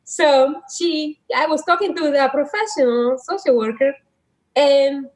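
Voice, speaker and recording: A middle-aged woman from the Dominican Republic with a Dominican Spanish accent, whose first language is Spanish, telling stories as a podcast guest and often pausing to search for words. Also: sits high, rough recording. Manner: animated, searching for words, laughs easily. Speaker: guest, social worker. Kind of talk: casual conversational storytelling.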